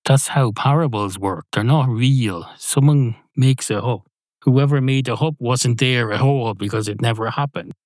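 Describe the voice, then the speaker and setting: A man riffing alone on a comic podcast, deadpan and rambling, breaking into sudden high yelps and casual swearing. His voice sits at an everyday middle pitch, recorded close and dry with no room around it. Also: a little slow, dry recording. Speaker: podcast host. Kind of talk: improvised comic monologue.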